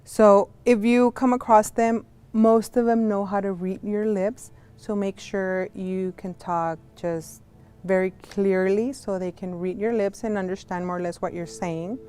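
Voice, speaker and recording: A woman teaching a virtual class as a sign language interpreter, slow and clear, going through letters one by one and explaining with friendly examples and asides. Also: mid-range voice, fairly even intonation, dark tone, soft background music. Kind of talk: casual instructional talk. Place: home, on a video call. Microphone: video call.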